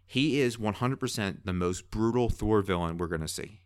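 A man co-hosting a podcast in casual chat, talking in an excitable, rambling way. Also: fairly low pitch, normal speed, smooth, no echo, clean studio sound. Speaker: podcast co-host.

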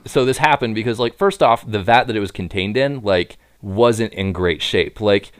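A man with a fairly low voice, heard dry and close to the mic. He tells a story in casual chat, full of fillers, and his voice jumps up when he laughs. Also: normal speed, smooth, dry recording. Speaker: podcast co-host.

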